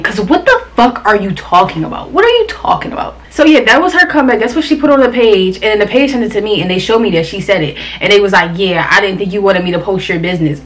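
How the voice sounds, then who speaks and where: A woman's voice: mid-range voice, fairly bright tone. A young woman telling a personal story in a casual vlog, blunt and profane, talking around a cough drop. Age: young adult. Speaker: vlogger.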